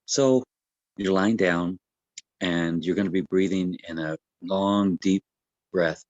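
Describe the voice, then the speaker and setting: A man with a very low voice talks a listener through breathwork in a gentle, easygoing way. He pauses often and restarts his sentences. The recording is close and dry. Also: no room sound, highs cut off. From United States. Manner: gentle, unhurried, with many fillers and restarts. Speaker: breathwork coach. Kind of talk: casual explanatory talk.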